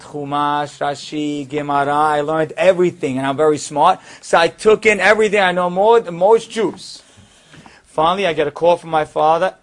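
A man telling a story aloud, acting out the voices of the people in it and rising high and loud at the dramatic moments. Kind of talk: animated story with acted dialogue.

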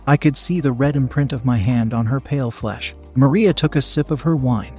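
A man narrating a first-person story in a steady, frank way. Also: medium pitch, moderate pace, husky, soft background music.

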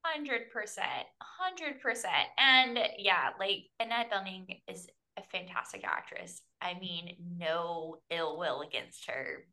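A woman talking casually on a film panel, rambling and animated with lots of "like". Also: lowish voice, slow pace, few pauses.

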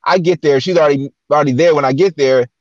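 A man's voice: fairly high pitch, quick pace, no echo. Man telling stories with a dull, dry sound. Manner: animated, acts out quoted dialogue. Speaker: guest host. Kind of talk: casual storytelling.

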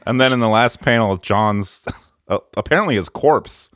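A man hosting a podcast in a casual, comedic chat, playful and quick to laugh. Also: lowish voice, fairly bright tone, no room sound, clean studio sound. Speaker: podcast host. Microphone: remote call.

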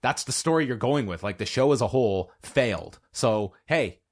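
A man's voice: medium pitch, animated, normal speed. Analytical man on a wrestling podcast. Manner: analytical, thinks aloud with restarts. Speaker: podcast co-host. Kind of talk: casual wrestling talk show chat.

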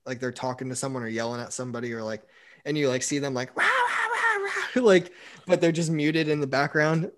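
A young man in casual chat, telling animated stories and saying "like" often. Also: medium pitch, fast. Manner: animated storyteller, acts out quotes, says "like" a lot. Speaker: university staff member.

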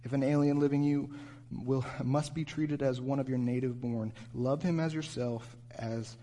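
A man, a youth pastor, giving an animated, conversational sermon and asking his listeners rhetorical questions. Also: mid-range voice, normal speed.

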